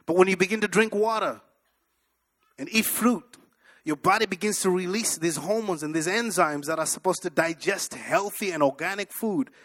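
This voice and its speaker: Male pastor, high bright voice, animated sermon storyteller. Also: moderate pace. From abroad, moved to the US in 1998. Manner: animated storytelling, shouts at peaks. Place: church.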